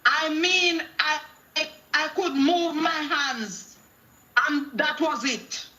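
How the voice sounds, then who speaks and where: Jamaican lady caller, high and bright voice, preachy, quotes the bible, acts out all the voices. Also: slow pace. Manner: preachy storytelling, quoting scripture, acting out dialogue in patois. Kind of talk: call-in testimony on a radio talk show.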